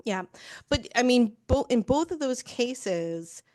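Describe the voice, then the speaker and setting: A woman's voice: on the high side, animated, slow pace, darkish tone, dry recording, studio quality. A woman hosting a podcast, reflecting and thinking aloud in a casual interview conversation. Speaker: podcast host.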